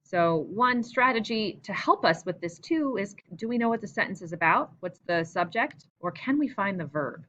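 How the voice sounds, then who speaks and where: A woman's voice: medium pitch, expressive, normal speed, few pauses, a bit bright, lo-fi sound, a little hiss or hum. A woman English teacher giving a recorded lesson, explaining patiently and asking guiding questions.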